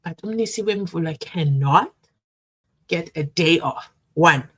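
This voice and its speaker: A young South African woman with a South African accent hosting a casual live-stream from her desk, reading viewer comments aloud and reacting in an animated way. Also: fairly low pitch, measured pace. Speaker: commentary channel host. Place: at a desk at home.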